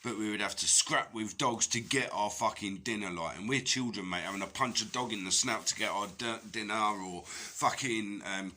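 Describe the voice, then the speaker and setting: A man's voice: on the low side, sharp tone. Fierce, swearing man. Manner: raw, heavily profane, emotional outbursts. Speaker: tarot reader. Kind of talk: rambling personal monologue.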